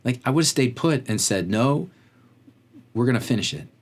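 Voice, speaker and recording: A man's voice: mid-range voice, lively intonation, moderate pace. A man hosting a faith-based motivational talk, conversational and rambling, often drifting off on tangents. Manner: conversational, fills with "like". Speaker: podcast host.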